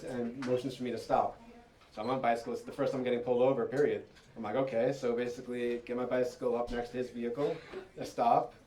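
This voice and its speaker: A man's voice: mid-range voice, warm tone, distant mic. A man doing amateur stand-up, telling personal stories with lots of fillers and a self-deprecating tone. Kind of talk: stand-up storytelling. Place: restaurant event space with live audience. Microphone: handheld mic.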